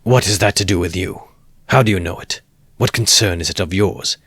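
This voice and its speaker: A man's voice: sits low, moderate pace, fairly bright tone, slightly rough, no echo. A man reading aloud as a proud young man under suspicion, speaking in angry, imperious outbursts. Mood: furious.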